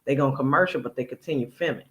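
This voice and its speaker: Racing along at a medium pitch, the commentary channel host is heard on a low-quality recording. He reacts informally and talkatively, picking apart another person's words as he quotes them.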